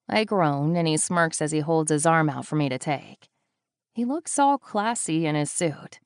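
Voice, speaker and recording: A woman narrating a first-person thriller audiobook, with wry, deadpan asides. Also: low voice, unhurried, clear, resonant tone, no room sound, clean studio sound.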